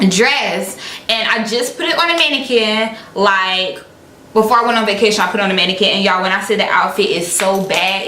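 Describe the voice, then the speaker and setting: A young fashion vlogger unboxes clothes in an excited chat, dramatic and gushing, calling her viewers "y'all." Her mid-range voice is pushed and bright, recorded from a distance with roomy echo and faint noise.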